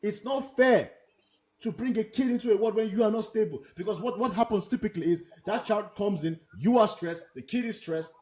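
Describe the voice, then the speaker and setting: A man's voice: high-pitched, a little fast, a little mellow. A man hosting a live panel discussion, talking bluntly and emphatically and repeating his points. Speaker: host.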